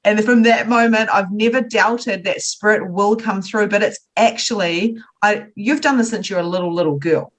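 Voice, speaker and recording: A woman with a mid-pitched voice hosts an interview. She tells her own stories with energy and keeps the chat flowing, answering her guest with soft murmurs of agreement. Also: normal speed, few pauses. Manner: lively storyteller who acts out quoted lines; agreeable, with frequent murmured mm's. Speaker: podcast host. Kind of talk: interview conversation.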